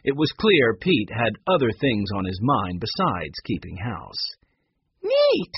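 A man narrating a children's book aloud with expressive storytelling. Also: on the low side, measured pace, slightly rough, dry recording, highs cut off. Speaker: audiobook narrator. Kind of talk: children's audiobook reading.

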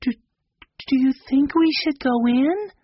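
A man's voice: extremely high pitch, measured pace, muffled recording, pitched above the performer's own voice. A man doing a timid young girl, hesitant. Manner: hesitant, shaky.

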